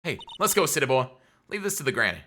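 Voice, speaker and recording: A man's voice: medium pitch, very animated, quick pace, pushed and bright, a little hiss or hum. A man voicing a brash young woman photographer in a put-on American Southern accent while reading game dialogue aloud, folksy and blunt.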